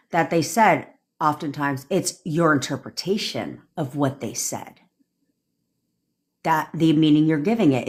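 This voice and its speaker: A young woman coaching on a phone livestream, talking in a blunt, profane, cocky way and laughing at herself. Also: sits low. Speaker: manifestation coach. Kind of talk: casual livestream rant.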